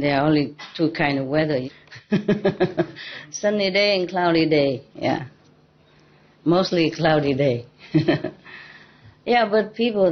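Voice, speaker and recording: A woman spiritual teacher giving an informal dharma talk to a gathering, playful and teasing, often laughing. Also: medium pitch. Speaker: spiritual teacher addressing disciples. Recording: dull lo-fi recording.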